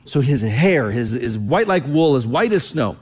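A man's voice: mid-range voice, unhurried, breathy edge. Conversational man preaching a sermon. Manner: conversational, animated, acts out quoted lines. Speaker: pastor. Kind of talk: sermon teaching.

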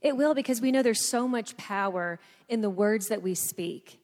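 A woman telling a lively personal story to a room of people, acting out what others said. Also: mid-range voice, moderate pace, big-room sound. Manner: animated storyteller, acts out quotes. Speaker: speaker. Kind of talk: storytelling talk to an audience.

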